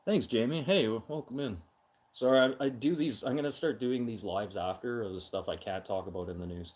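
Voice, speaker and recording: Loud, emphatic middle-aged man. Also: mid-range voice, brisk. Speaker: live stream host. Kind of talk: casual live chat.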